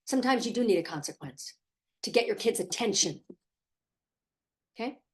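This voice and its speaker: A woman's voice: fairly high pitch, lively intonation, moderate pace. A middle-aged woman who works as a parenting coach, giving firm, emphatic advice straight to the camera and often repeating herself. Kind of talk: direct-to-camera advice talk.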